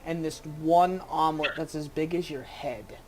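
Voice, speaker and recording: A game master narrating a tabletop game scene, halting with many fillers and restarts. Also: medium pitch, darkish tone, a little hiss or hum.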